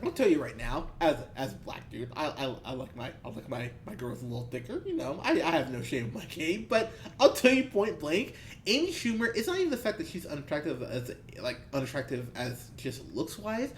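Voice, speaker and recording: Animated ranting man on a podcast. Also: a little high, a little fast, a little hiss or hum. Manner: profane, heated ranting with laughs. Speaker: podcast co-host. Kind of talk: ranty movie review chat.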